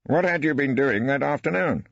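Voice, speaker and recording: An actor playing an elderly barrister in an audiobook, questioning with arch, ironic politeness. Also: male voice, medium pitch, normal speed, vocal fry, a bit bright, dry recording, voice pushed up. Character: wry elderly male barrister, mock-polite. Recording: dry, slightly dull studio.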